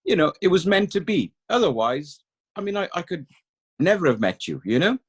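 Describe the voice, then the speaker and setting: Laid-back Welsh man, slightly high voice. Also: sing-song, fairly quick, breathy edge. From Cardiff, Wales. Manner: reflective, laid-back, leans on "you know". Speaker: podcast guest. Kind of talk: casual chat.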